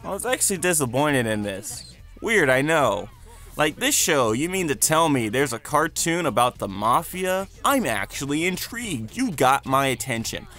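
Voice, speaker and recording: A man's voice: a little high, big pitch swings, normal speed, sharp tone. A man giving a scripted comedic cartoon review with a sarcastic, profane, rambling delivery.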